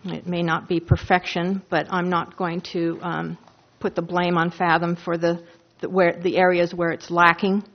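A woman's voice: on the low side, flat delivery, normal speed. A woman in her sixties speaking earnestly and emphatically as a board member at a public meeting, asking rhetorical questions. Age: 60s. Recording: dull lo-fi meeting recording.

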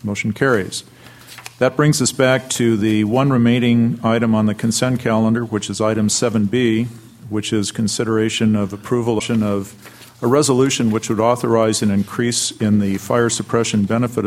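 A man chairs a public board meeting, calling for motions and moving through agenda items. His voice sits low and flat, and his phrasing is brisk and procedural.

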